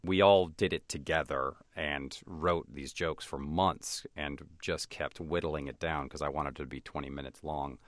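An American man being interviewed, telling stories in a lively way and acting out the voices of others. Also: extremely low pitch, normal speed, hardly any pauses, no echo. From United States. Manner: animated storyteller who acts out voices of others. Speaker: actor and comedian guest. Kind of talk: conversational interview.

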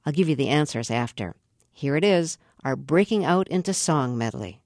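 A woman hosting a radio program, introducing a medley of guest clips in a measured, conversational way. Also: low voice, lively intonation, darkish tone, no room sound, studio quality. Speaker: radio host. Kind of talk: scripted radio narration.

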